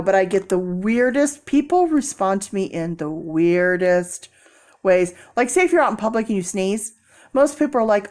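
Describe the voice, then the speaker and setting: A woman with a mid-range voice vlogs at a moderate pace, telling stories in a casual, animated way. She acts out people in quoted voices and laughs often.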